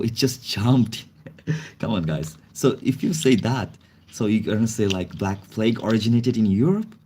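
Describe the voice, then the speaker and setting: A young man with a deep, mellow voice and a slight head cold talks casually on a livestream, answering chat in non-native English full of small grammar slips. A faint hiss sits under his voice. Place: indoors, face not shown.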